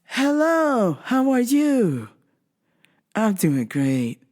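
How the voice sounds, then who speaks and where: A woman voicing an eerily polite, robotic churchgoer who repeats slow, stiff stock greetings. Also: fairly high pitch, sing-song, darkish tone, pitched above the performer's own voice, heavily acted. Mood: robotic politeness.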